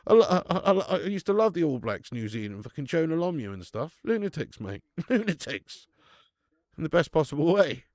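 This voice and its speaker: Sweary lad commentating football. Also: male voice, on the high side, moderate pace, no echo, studio quality. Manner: sweary, excitable, chatty with viewers. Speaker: football watch-along streamer. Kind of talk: live match commentary and casual chat.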